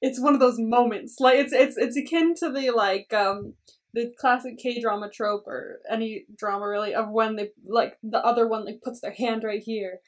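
A woman co-hosting a podcast in casual chat, giggly and animated as she retells scenes. Her voice sits fairly high. She sounds slightly distant from the microphone. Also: normal speed. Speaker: podcast co-host.

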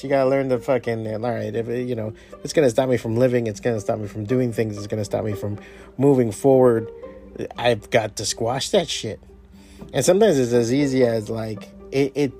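A man's voice: medium pitch, a little mellow. A man hosting his own podcast, talking in a casual, rambling, profanity-heavy motivational monologue. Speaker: podcast host.

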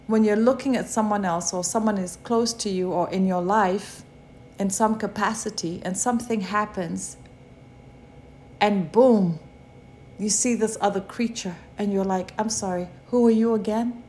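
A woman giving a devotional sermon, preaching slowly with many repeated rhetorical questions. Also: mid-range voice, darkish tone, a little hiss or hum. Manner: slow, repetitive rhetorical preaching.

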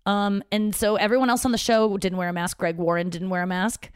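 A woman from the St. Louis area hosts a podcast from her father's home office, telling stories in a chatty, profane, self-mocking monologue and quoting other people. Her mid-range voice is level in tone and fairly quick, captured in a clean, dry studio recording.

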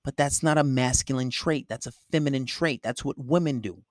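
A man's voice: medium pitch, normal speed, dry recording, studio quality. A man giving blunt, profane relationship advice in a lecturing monologue.

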